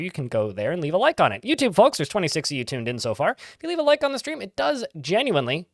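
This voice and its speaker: A man's voice: a little high, huge pitch swings, fast, creaky, dry recording, studio quality. A man casually chatting to his live-stream chat while playing a game, rambling and laughing easily.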